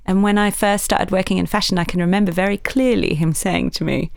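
A woman's voice: mid-range voice, fairly even intonation, a little fast, creaky, clear, resonant tone, no echo, studio quality. A woman from Yorkshire, an author and journalist, talks earnestly about activism in an interview, with self-mocking asides. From Yorkshire, England. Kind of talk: conversational interview.

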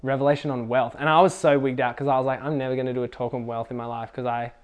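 A young man telling a faith testimony at a casual youth gathering, excitable and full of fillers. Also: medium pitch, rapid-fire, clear, resonant tone. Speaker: youth group speaker.

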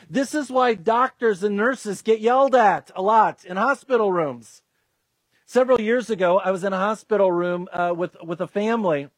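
High-voiced pastor preaching earnestly. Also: male voice, normal speed, no room sound. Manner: earnest, acts out quoted voices, restarts with fillers. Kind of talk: sermon.

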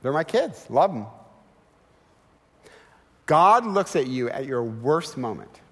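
A middle-aged man preaching a sermon in a church, emphatic and animated, firing off rhetorical questions. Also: medium pitch, slow pace, husky. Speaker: guest preacher. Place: large church sanctuary. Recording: long church hall reverb.

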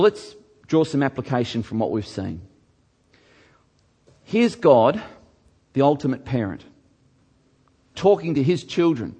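A man's voice: medium pitch, darkish tone, dull audio. Earnest male preacher. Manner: earnest, emphatic, repeats words for stress. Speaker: pastor. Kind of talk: sermon.

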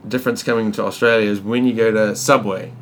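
New Zealand man, podcast guest, relaxed storytelling, dry humour, faint ambient noise behind. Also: lowish voice, fast talker. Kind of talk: casual podcast chat.

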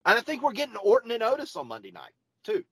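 A man co-hosting a wrestling podcast, chatting casually as an eager fan whose voice jumps up when excited. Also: extremely high pitch, fast, gravelly, slightly rough, no room sound, poor audio. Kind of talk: casual chat reviewing wrestling.

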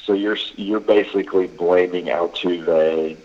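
A college baseball head coach with a very low, husky voice spins loose, rambling baseball anecdotes on a casual podcast, piling up "you know" and "like" and playing both sides of an argument in quoted dialogue. His tone stays steady and his pace runs a little slow. The lo-fi recording still has a broadcast-style feel.

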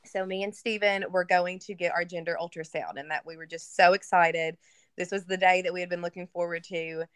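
A woman's voice: lowish voice, fairly even intonation, fairly quick, clear, resonant tone, no room sound, studio quality. A woman guest in a conversation, telling an emotional personal story in a casual way with many fillers. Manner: casual, filler-heavy, earnest. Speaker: interview guest. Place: lives in Kentucky.

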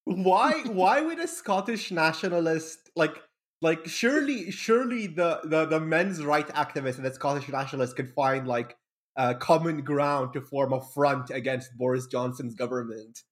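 A man's voice: a little high, moderate pace. Rambling young man from Bahrain. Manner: rambling, many fillers and restarts. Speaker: podcast guest. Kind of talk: casual conversation.

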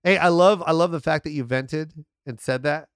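A man spins lively stories as a podcast guest, swearing freely. His voice sits a bit high. The recording is dry and close. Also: moderate pace, clean tone, no echo. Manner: animated storyteller, swearing freely. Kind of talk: casual podcast chat.

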